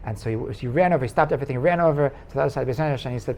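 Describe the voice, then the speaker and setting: Rabbi guy with a gravelly voice telling a story in class, stops and restarts a lot, faint hiss behind. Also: medium pitch. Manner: halting, many restarts, animated when telling the story. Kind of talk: casual storytelling lesson.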